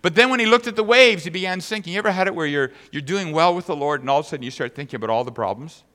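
Bright-voiced pastor preaching in a hall. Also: male voice, on the high side, very fast. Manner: reads scripture then speaks conversationally. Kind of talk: sermon.

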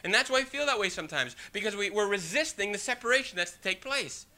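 High, bright-voiced preaching man. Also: fast. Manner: animated, rhetorical, keeps asking "right?"; reads scripture in King James wording. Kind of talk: sermon.

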